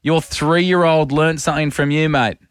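A man's voice: on the high side, steady tone, moderate pace, clean tone, dry recording, studio quality. An Australian man co-hosting a radio show, teasing and playful with callers. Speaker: radio co-host. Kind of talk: drive-time radio banter.

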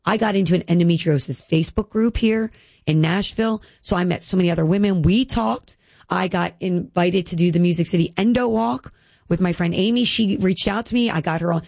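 A woman's voice: lowish voice, fairly quick, creaky, darkish tone, no room sound. A woman in her thirties, a guest speaking earnestly and emotionally about her health, with many "like" fillers. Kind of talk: candid personal interview.

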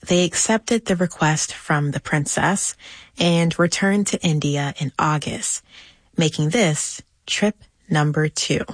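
A woman narrating a documentary story in a measured, scripted delivery over a music bed. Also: low voice, dry recording, rough recording.

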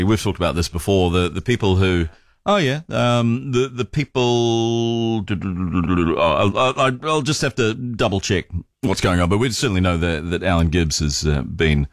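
A man talks casually to his radio audience. His voice sits on the low side and sounds dry and close, and he often stumbles and repeats words as he goes. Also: moderate pace, dry recording. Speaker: radio talk show host. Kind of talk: casual talk radio chat.

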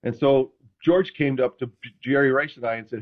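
A man telling stories in casual chat, animated and self-deprecating, acting out quotes. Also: mid-range voice, a little fast, hardly any pauses, phone-quality sound. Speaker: podcast host, former NFL quarterback.

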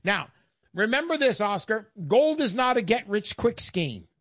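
A man's voice: sits high, very animated, a little slow, fairly bright tone, no echo, clean studio sound. Chatty older male radio host. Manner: chatty, emotional, folksy salesman patter. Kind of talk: call-in radio talk.

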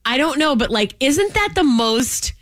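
A middle-aged woman co-hosting a morning radio show, telling stories in a chatty, animated way with many restarts. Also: sits high, measured pace, no room sound. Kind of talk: casual chat.

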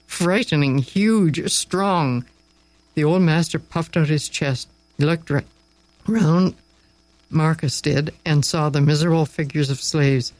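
A man reading a story aloud with expressive, slowed dramatic emphasis. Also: on the high side, no echo, poor audio. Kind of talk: read-aloud story narration.

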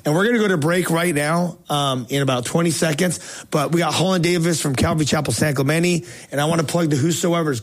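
A man hosting a faith talk show, telling a story in a casual, excited way with slang and frequent restarts. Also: a little high. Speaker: talk show host and evangelist.

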